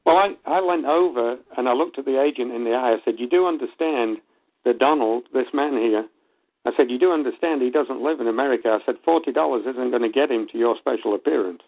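A man's voice: mid-range voice, quick pace. A man calling into a radio show, telling a story and quoting what each person said. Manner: storytelling, quotes people, laughs between lines. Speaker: caller. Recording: tinny phone line.

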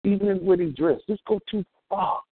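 Lively, high-pitched male preacher on a thin line. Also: brisk, slightly rough, no echo. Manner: animated, humorous preaching with call-outs to the congregation. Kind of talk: sermon. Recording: thin phone-like sound, dry.

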